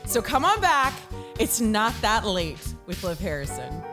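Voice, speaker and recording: A woman, hosting a talk show and telling comedic stories in an animated way. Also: mid-range voice, unhurried, over music. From Southern United States. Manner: animated storyteller, bursts into shouts. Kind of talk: comedic monologue.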